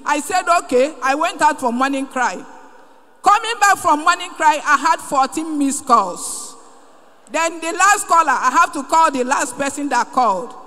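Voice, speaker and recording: Fervent high-voiced woman testifying. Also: expressive, normal speed. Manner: fervent, rising to shouts. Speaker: church member giving testimony. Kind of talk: emotional church testimony. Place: large church hall. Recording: echoey hall.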